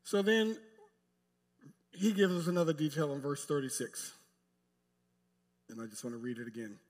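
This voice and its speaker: A male pastor preaching a sermon to a live congregation in a church, speaking emphatically with long pauses and addressing the pews directly. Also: fairly high pitch.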